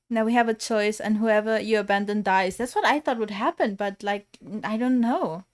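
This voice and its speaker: A woman streaming a story game, reading its text aloud softly and then breaking into loud, excited reactions. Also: mid-range voice, moderate pace, few pauses. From Japan.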